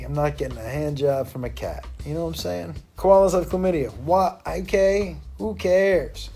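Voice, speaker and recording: Male comedy host, higher-pitched, crude rambling storyteller, laughs a lot, faint music behind. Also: warm tone. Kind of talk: loose stand-up storytelling.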